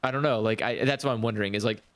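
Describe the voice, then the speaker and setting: A man's voice: lowish voice, rapid-fire, a bit bright. A man in casual podcast chat, curious and wondering aloud with questions.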